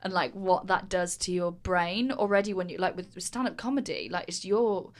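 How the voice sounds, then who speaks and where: A woman's voice: on the low side, moderate pace. A comedian woman co-hosting a podcast, talking in a chatty, sweary way with lots of "like". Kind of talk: casual chat.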